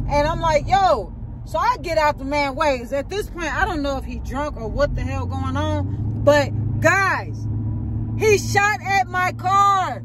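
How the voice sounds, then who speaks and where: A young adult woman vlogging a rambling, shaken rant from her car, repeating herself as she vents. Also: high voice. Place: in or by a car on a road. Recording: outdoor road noise.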